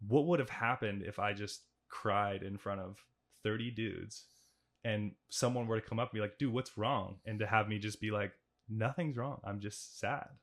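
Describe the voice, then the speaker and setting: A man's voice: on the low side, fairly bright tone. Rambling young man hosting a podcast. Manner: rambling, many fillers and restarts. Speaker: podcast host, athlete. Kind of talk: casual conversation.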